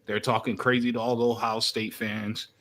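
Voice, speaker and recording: A man's voice: fairly low pitch, little pitch movement, normal speed, a bit bright. A young man co-hosting a sports podcast, speaking in a brash, emphatic, trash-talking way. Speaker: podcast co-host. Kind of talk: casual sports chat.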